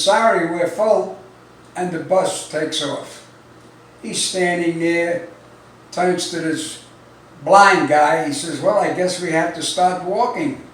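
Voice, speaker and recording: A high-voiced man tells dirty jokes, acting out each character's lines with punchy raised delivery. He sounds far from the mic in a very echoey room, with faint noise behind him. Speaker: joke teller.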